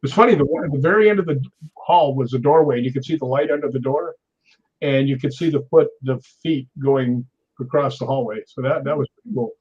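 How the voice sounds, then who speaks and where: A man's voice: mid-range voice, brisk, a little mellow, slightly rough, lo-fi sound. A man in his sixties, a stuntman and interview guest, telling stories animatedly, acting out quotes and laughing often. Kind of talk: storytelling interview.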